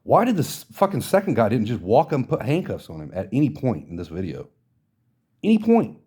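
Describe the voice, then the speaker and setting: A man's voice: mid-range voice, wildly swooping pitch, a little fast, dark tone, husky. A man hosting a podcast, delivering an indignant, profane rant of social commentary. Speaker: podcast host.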